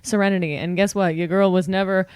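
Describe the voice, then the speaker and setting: Woman, podcast co-host, mid pitch, candid and self-mocking, handheld mic, dry sound. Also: steady tone, quick pace, a little mellow, smooth, dry recording. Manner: candid, self-deprecating, profane. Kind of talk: casual chat. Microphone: handheld microphone.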